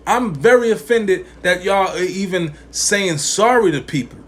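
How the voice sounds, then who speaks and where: A man's voice: high voice, a little hiss or hum. Fired-up slangy man ranting. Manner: emphatic, profane, repeats lines for emphasis; slangy street talk. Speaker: podcast host. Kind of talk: opinionated podcast rant.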